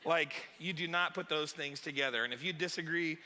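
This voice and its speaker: Pastor guy cracking jokes in a sermon, high voice, super bright and sharp, big hall echo. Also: a little fast, slight background noise. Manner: chatty, joking, animated. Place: church hall.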